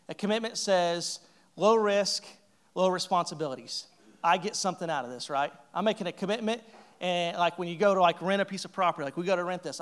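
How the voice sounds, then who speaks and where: A man with a fairly high voice preaches in an easy, conversational way. He jokes with the congregation and acts out the lines he quotes. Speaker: pastor. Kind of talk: sermon. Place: church sanctuary.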